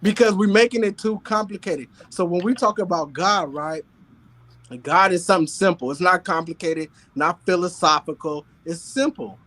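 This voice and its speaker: A man's voice: high voice, moderate pace, bright, forceful tone, poor audio. A man in a casual debate, pressing his point with repeated questions. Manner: insistent, argues by questions.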